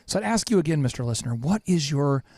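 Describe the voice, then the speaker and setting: Animated high-voiced man hosting. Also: quick pace, no room sound, studio quality. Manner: emphatic, animated, asks his cohost questions. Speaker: podcast host. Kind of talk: energetic business podcast talk.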